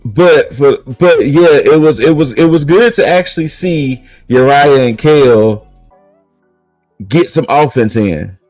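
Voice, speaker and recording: A man's voice: a little high, a little slow, a little mellow, dry recording, faint music behind, low-quality recording. A man co-hosting a podcast, recapping in casual chat and rambling with repeated restarts. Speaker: podcast co-host recapping wrestling.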